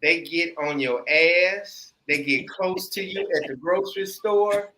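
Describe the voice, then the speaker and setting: A man's voice: a little high, slow pace, pushed and bright. A man chatting casually and bluntly, with slang and loose swearing. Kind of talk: casual chat. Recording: echoey room.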